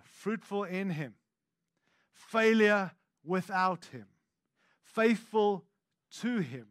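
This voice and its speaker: Pastor guy preaching, high-ish voice, goes quiet and soft then loud and punchy, chats to the crowd, dry close sound. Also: expressive, extremely slow, long pauses, dry recording. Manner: swings from hushed intimate lows to loud emphatic declarations; conversational asides to the congregation. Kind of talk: sermon.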